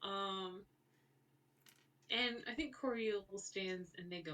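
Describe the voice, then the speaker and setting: A woman's voice: medium pitch, takes it slowly, fairly bright tone. Rambling woman game master, a bit distant. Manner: rambling, many fillers and restarts. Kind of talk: narrating a tabletop game.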